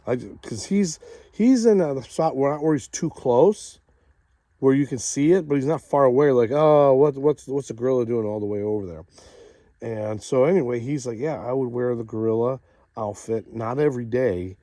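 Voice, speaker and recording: A man telling a long joke as if it were a true story, dropping to a hushed low voice for the people he quotes. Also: normal speed, dry recording, clean studio sound. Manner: drops low and quiet for the zookeeper's lines, shrieks for punchlines. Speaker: comedian storyteller.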